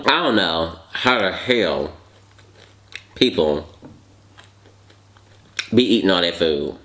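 A man's voice: sits low, expressive, takes it slowly, long pauses, a bit bright. A young man chatting casually while eating on camera, sassy and dramatic, with mouth noises between words. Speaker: vlogger. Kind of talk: casual mukbang chat. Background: eating while talking.

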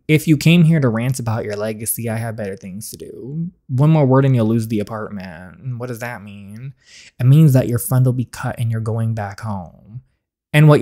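A woman reads an interactive story game aloud, voicing every character in her own voice and reacting as she goes, her voice jumping high and loud at those moments.

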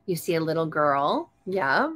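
A woman's voice: deep voice, very animated, unhurried, background noise. A woman reading a picture book aloud to a young child, coaxing him with questions and breaking into gasps and exclamations. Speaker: storytime host.

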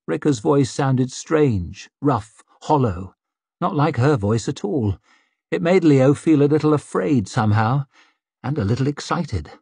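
A man narrating an audiobook in a measured storytelling manner, voice slightly husky. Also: mid-range voice, expressive, warm tone, dry recording, clean studio sound. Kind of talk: scripted narration.

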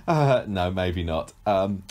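A man co-hosting a podcast in easygoing chat. His pitch moves a lot and sounds animated. He is talkative and self-deprecating and laughs often. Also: slow pace. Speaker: podcast co-host.

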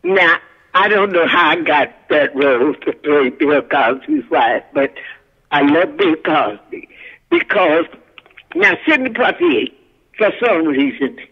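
A woman's voice: low voice, very animated, slow pace, slightly rough, muffled recording. An older woman, a guest actress and singer, telling stories from her career in a folksy, country-spoken way. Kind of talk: casual storytelling interview.

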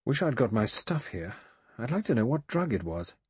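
A man voicing a stiff, defensive middle-aged doctor in an audiobook, brisk and clipped. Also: mid-range voice, sing-song, husky, no room sound. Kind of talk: audiobook character voice.

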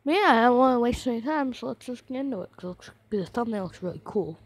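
A woman's voice: a little high, lively intonation, fast talker. A sick woman with a cough, hosting a casual reaction video and exclaiming often.

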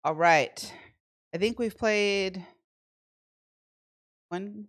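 A woman's voice: fairly low pitch, expressive, measured pace, a bit bright. A woman hosting a casual live slot stream from home, playfully chatting and greeting viewers by name. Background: faint slot game music.

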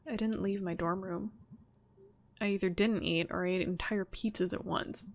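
A woman voicing an anxious young adult female cat, reading game dialogue aloud in a halting, hesitant way. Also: mid-range voice, fairly even intonation, vocal fry, close to an everyday voice. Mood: shaken.

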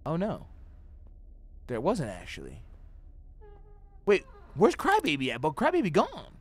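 A young man doing loud, profane let's-play commentary on a horror game, screaming at jump scares. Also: fairly high pitch, huge pitch swings, measured pace, breathy edge. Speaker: gaming streamer.

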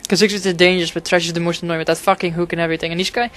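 A man's voice: a little high, flat delivery, racing, fairly bright tone, faint music behind. A man giving casual gameplay commentary, rambling and swearing a lot, with frequent fillers and restarts. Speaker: gaming commentator.

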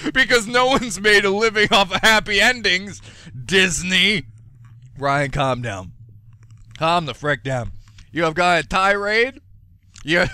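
A man with a voice that sits high gives let's play gameplay commentary. He is excitable and profane, prone to going off on rants.

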